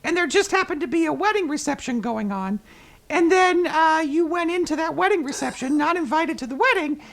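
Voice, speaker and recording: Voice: lively intonation, brisk, gravelly, fairly bright tone, heavily acted. A performer voicing a cheery male talking toilet paper roll who hosts a comedic news talk show, with a hammy, bouncy manner. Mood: chipper. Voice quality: high squeaky cartoonish voice. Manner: bouncy, hammy, flustered when guests misbehave. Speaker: show host.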